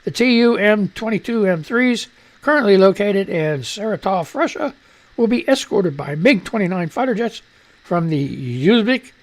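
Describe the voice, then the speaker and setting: A man's voice: high-pitched, expressive, normal speed. A man hosting a live radio show, reading news and ranting with profanity while fumbling with his studio mic. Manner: profane, irritable rant, fiddling with the mic. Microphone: studio microphone at shifting distance.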